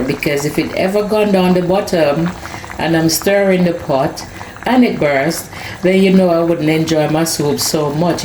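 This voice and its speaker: A cooking vlogger with a low, slightly mellow voice chats casually with her viewers as she cooks in her home kitchen, tasting and savoring the food. The kitchen is echoey, with cooking noise and a pot boiling in the background.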